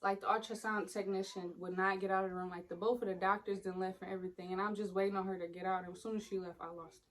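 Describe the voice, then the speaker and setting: A woman's voice: medium pitch, flat delivery, fast, few pauses, poor audio. A young woman, casually telling the story of a painful hospital stay, blunt and profane, acting out the other people in it.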